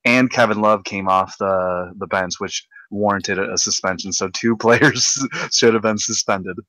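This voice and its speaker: A young man hosting a casual podcast, ranting in a rambling, excitable way with lots of repeated words. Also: lowish voice, a little slow, no room sound, low-quality recording. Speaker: podcast host.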